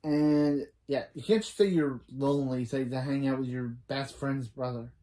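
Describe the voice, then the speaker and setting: A man's voice: mid-range voice, steady tone, moderate pace, dark tone. A man casually recapping a kids' show episode, rambling and correcting himself as he reacts. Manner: rambling, self-correcting asides. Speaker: show reviewer.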